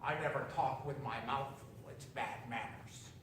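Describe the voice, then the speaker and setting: A man's voice: mid-range voice, a little slow, background noise, voice pushed down, close to an everyday voice. A man voicing a large, greedy, worried crow in a read-aloud story, fussy and confiding. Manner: fussy, confiding, whispering asides. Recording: roomy echo, distant mic, faint ambience.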